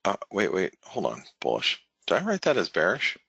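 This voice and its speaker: A man's voice: low-pitched, huge pitch swings, moderate pace, vocal fry, pushed and bright, breathy edge, no room sound, dull audio. A man hosting a webinar, giving casual live market commentary in a rambling way that keeps correcting itself and restarting. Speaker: forex market analyst, webinar host.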